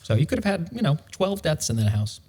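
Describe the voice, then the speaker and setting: A man's voice: on the high side, very animated, brisk, dark tone, breathy edge. A man, a realtor guest on a podcast, talking in a wry, storytelling way with dry humor. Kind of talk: casual podcast chat.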